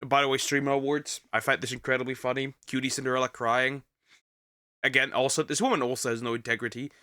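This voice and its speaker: A man's voice: medium pitch, level tone, quick pace, sharp tone, no room sound. A man who is a little sick, giving casual reaction commentary as a streamer, rambling with many restarts and repeated words. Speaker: vtuber reacting to a video.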